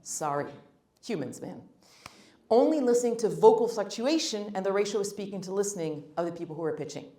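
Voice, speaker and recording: A woman's voice: mid-range voice, lively intonation, brisk, dark tone. Emphatic woman speaker in echoey room. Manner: emphatic, blunt, joking asides. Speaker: guest speaker on first impressions. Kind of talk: workshop talk with audience Q&A. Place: meeting room. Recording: roomy room echo.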